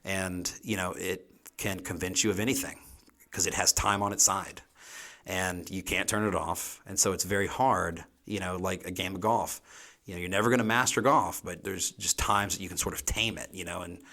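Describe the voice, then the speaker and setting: Deep-voiced chef rambling casually. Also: male voice, fairly even intonation, normal speed, bright, forceful tone. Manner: rambling, frequent "you know" fillers. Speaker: chef guest. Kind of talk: casual interview talk.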